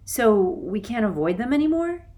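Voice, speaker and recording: A woman's voice: a little high, sing-song, moderate pace, dark tone, pitched above the performer's own voice. Woman doing a girl, blunt, cranky, no-nonsense, storybook voice.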